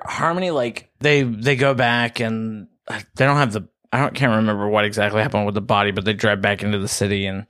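A man's voice: on the low side, a bit bright. A man in casual podcast chat, retelling movie scenes in a rambling, profane way.

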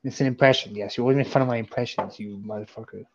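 A man hosting a casual chat, playful and quick to laugh and swear. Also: medium pitch, steady tone, background noise. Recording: dull lo-fi sound.

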